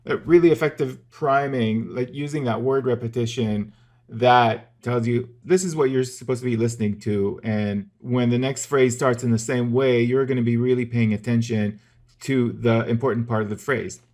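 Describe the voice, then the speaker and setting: Man, music theory teacher, methodical, casual explaining, mid pitch. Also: steady tone, normal speed, a little mellow. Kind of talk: explanatory video lesson.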